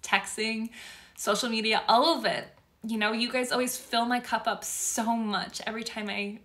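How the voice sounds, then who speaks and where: A woman's voice: a little high, fairly even intonation, moderate pace, fairly bright tone. Emotional, gushing young woman hosting a live chat. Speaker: spiritual course creator. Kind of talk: casual live-stream chat.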